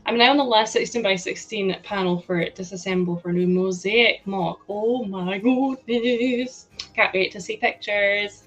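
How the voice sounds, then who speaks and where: A woman's voice: mid-range voice, moderate pace, hardly any pauses, faint music behind. Bubbly Scottish woman streaming live. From Scotland. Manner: bubbly, laughs often, greets chat excitedly. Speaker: livestream host. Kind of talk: casual livestream chat while building.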